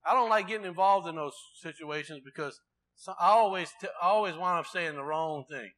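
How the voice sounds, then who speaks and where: A man's voice: on the high side, fairly quick, a bit bright. A man preaching a sermon in a conversational way, asking the congregation rhetorical questions.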